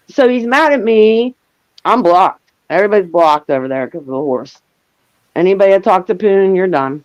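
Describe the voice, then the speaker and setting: Speaking at a moderate pace, this panel host, a middle-aged woman, recounts a profanity-laced story in a relaxed group conversation. She mimics other people's lines by raising her voice, full of energy. There's no room sound.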